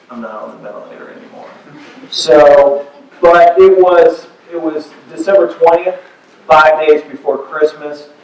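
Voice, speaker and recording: An author and speaker talks about his book in a personal motivational talk, his mid-range voice carrying a darkish tone. He's conversational, full of "you know"s and wry, self-deprecating asides, captured by a distant, dull mic in an echoey hall.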